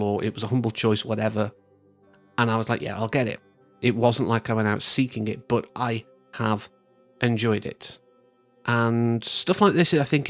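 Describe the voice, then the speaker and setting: A man giving a chatty, enthusiastic spoken review of a game, rambling and restarting his sentences. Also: lowish voice.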